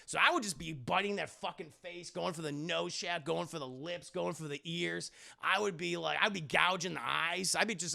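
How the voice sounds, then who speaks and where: Man, film streamer, swearing live recap, high voice, bright and gravelly tone. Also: normal speed, few pauses. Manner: profane, rambling, often addresses chat.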